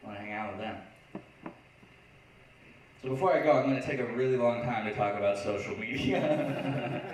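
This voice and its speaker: A man's voice: mid-range voice, moderate pace, a crowd in the background. Sarcastic stand-up man in a echoey lounge. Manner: sarcastic, acts out online voices. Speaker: stand-up comedian. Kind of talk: stand-up comedy set. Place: lounge stage before a live audience. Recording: very echoey, far from the mic.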